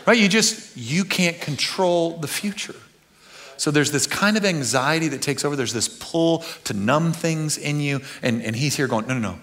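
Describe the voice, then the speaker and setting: A man preaching a sermon as pastor, animated and earnest, swinging from loud excitement to quiet intensity. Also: a little high, normal speed.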